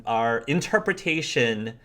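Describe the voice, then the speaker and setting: A man's voice: mid-range voice, big pitch swings, measured pace, fairly bright tone. A man hosting as game master, chatting casually and giving earnest, emphatic praise to his players. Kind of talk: casual chat.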